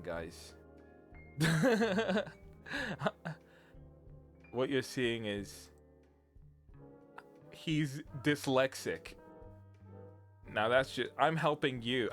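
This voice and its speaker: A man's voice: mid-range voice, big pitch swings, extremely slow, pauses often, a bit bright, faint music behind. A young British man, a streamer, rambling through a casual chat and laughing often. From Britain.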